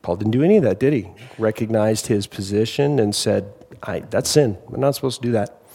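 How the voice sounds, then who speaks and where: A man preaching a sermon as a pastor, animated, with wry asides and acted-out quotes. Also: on the low side, fairly quick, creaky, slightly rough. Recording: long hall reverb.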